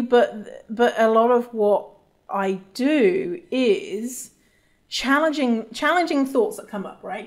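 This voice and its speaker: A woman hosting a solo podcast, talking casually and candidly, swearing freely and restarting her sentences often. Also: a little high. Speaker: podcast host.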